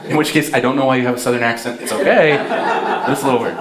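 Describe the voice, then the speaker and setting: Over a loud crowd, a pastor rapid-fires an impassioned Christmas sermon in a mid-range, steady voice, pushing his volume up and down for emphasis. A distant mic in the sanctuary gives a roomy church sound.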